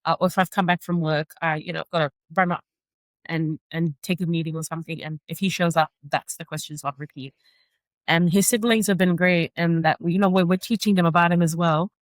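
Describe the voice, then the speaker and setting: A mother speaking earnestly as a podcast guest, reflective and frank, at times echoing questions in a higher voice. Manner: earnest, reflective, often acts out her son's repeated questions in a higher voice. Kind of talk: candid interview conversation.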